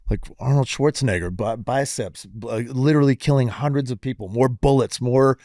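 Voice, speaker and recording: A man hosting a podcast, talking in a relaxed, casual way, swearing freely and agreeing easily with his guest. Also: medium pitch, fairly quick, no room sound, clean studio sound. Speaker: podcast host. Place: podcast studio.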